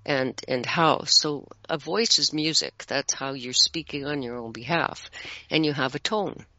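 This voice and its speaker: A middle-aged guest in casual conversation, animated and explaining with spoken examples. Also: mid-range voice, unhurried, no echo. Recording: dull lo-fi audio.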